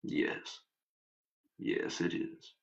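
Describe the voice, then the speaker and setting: A man voicing a solemn, deadpan male hero in a read-aloud story, speaking low and understated. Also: very slow, lo-fi sound.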